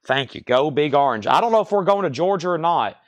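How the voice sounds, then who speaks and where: A man's voice: fairly high pitch, fairly quick. Southern man calling out record prices. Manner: rattles off titles and prices in a steady sales patter, folksy asides. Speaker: host selling records on a livestream. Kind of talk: live sales stream, casual chat.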